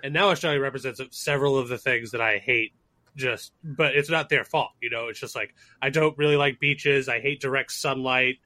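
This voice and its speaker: A man's voice: medium pitch, a little fast, sharp tone. A man in his thirties co-hosting a podcast, chatting casually in a rambling, jokey way and laughing often. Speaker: podcast co-host. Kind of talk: casual chat.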